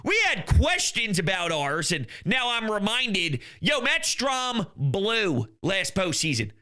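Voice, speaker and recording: A young man with a very high, piercing, tense voice hosts a sports talk show. He rants in heated, exasperated bursts and often breaks into shouting. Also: sing-song, takes it slowly, hardly any pauses. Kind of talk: ranting sports commentary.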